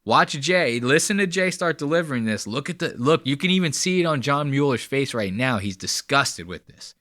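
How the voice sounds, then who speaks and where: A man talks over comedy clips in a loose, blunt way, swearing freely as he explains things. His voice is bright and forward, and it sits dry and close to the mic. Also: mid-range voice, lively intonation, normal speed, no echo. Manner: profane, blunt, chatty. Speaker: commentator reacting to clips. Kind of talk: casual commentary.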